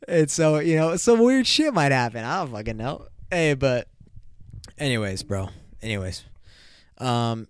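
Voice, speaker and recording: A man's voice: mid-range voice, moderate pace, pauses often, clear, resonant tone, no echo, clean studio sound. Crude, rambling young male podcaster. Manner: loose, crude, rambling banter with bursts of excitement. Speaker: podcast host. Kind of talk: casual solo podcast rant.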